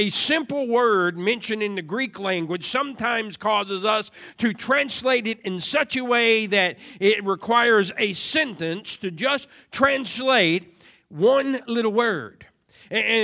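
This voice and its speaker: A man preaching a sermon to a congregation, moving from steady teaching into loud, emphatic repetition. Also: sits high. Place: church service before a congregation.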